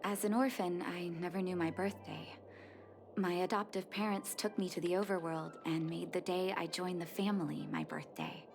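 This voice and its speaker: Soft-spoken young doctor lady, earnest, heartfelt, game music behind. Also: lowish voice, steady tone, moderate pace, vocal fry. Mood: reflective. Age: young adult. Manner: gentle, heartfelt, softly emotional. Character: earnest young woman doctor returning home. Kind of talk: game dialogue and narration.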